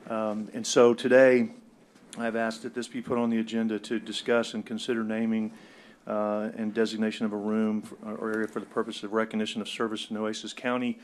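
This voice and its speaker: A man's voice: fairly low pitch, little pitch movement, a little fast. A man serving as county commissioner hesitantly presents a motion at a public meeting, with many fillers. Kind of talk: formal remarks at a public meeting.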